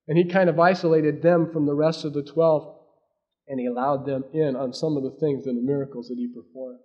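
A male preacher delivering a sermon with a slightly raised pitch. He surges into loud, emphatic lines, then drops to near-whispered asides. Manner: dynamic preaching, swinging between loud emphasis and hushed asides. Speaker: pastor.

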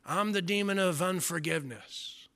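A preacher putting on a slow taunting demon. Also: male voice, high-pitched, sharp tone, no room sound, clean studio sound. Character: menacing male demon naming sins.

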